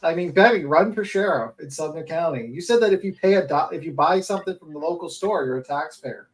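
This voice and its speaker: A man's voice: fairly high pitch, expressive, a little fast, poor audio. A man joking and mocking in a casual live panel chat, laughing often.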